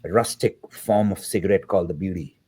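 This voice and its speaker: A filmmaker in his fifties, appearing as a guest, tells a personal anecdote in a low, slightly rough, somewhat mellow voice at a quick clip. He acts out the quoted dialogue along the way and sounds reflective, dropping in the odd filler word.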